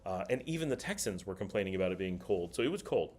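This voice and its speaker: Middle-aged male livestream host, low voice, loose chatty delivery answering viewer comments. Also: big pitch swings, fast talker, a little mellow, slight background noise. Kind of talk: casual livestream chat.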